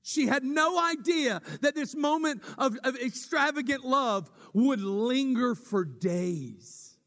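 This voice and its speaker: A man preaching a sermon as pastor, swinging from loud dramatic cries to hushed whispers. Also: extremely high pitch, expressive, slow pace, long reverb tail.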